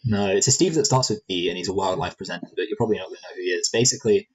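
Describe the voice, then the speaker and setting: Deep-voiced and racing along, a man co-hosting a laid-back movie review podcast rambles and jokes, full of fillers and restarts. Crowd noise is audible and the audio quality is poor.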